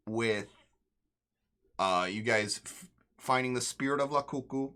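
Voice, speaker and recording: A man with a fairly low voice narrates a tabletop game as its game master. His telling rambles, full of fillers and self-corrections. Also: slow pace, pauses often, bright, forceful tone, clean tone. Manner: rambling, many fillers and restarts.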